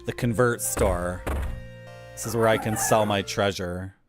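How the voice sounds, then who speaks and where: A man's voice: on the low side, steady tone, unhurried, over music. A man streaming a video game and chatting casually, with wry asides to his viewers. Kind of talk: casual gameplay commentary.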